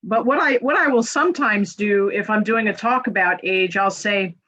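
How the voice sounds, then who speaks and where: A woman's voice: mid-range voice, normal speed, pushed and bright, dull audio, a little hiss or hum. An older woman, a guest expert, answering questions on a video call with a wry, confident manner. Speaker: guest speaker, policy expert.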